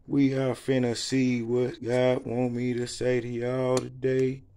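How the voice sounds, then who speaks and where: Gravelly guy doing a laid-back bible reading and prayer, worked up and emotional, mellow low voice. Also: monotone, takes it slowly. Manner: informal, repeats "you know what I'm saying". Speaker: preacher.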